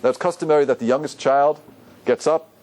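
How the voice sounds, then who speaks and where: A rabbi giving a lively Torah class to an audience, often asking them questions. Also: male voice, on the high side, brisk. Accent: Ashkenazi Hebrew pronunciation.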